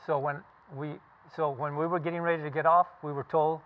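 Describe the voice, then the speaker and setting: A man's voice: on the high side, little pitch movement, fairly quick. A man in his seventies from California, a veteran telling his story to a group of listeners in a blunt, profane, emphatic way. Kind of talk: casual spoken recollection to a group. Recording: tinny phone-like sound.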